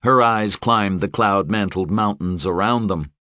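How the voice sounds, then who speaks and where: A man narrating a fantasy audiobook in a steady, even storytelling delivery. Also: lowish voice, measured pace, no room sound. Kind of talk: scripted narration.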